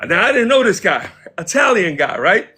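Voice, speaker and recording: A man guest casually telling stories from his past in an interview, animated and acting out the people he quotes. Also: high voice, moderate pace, slightly rough. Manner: animated, acts out quoted voices. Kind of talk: casual storytelling.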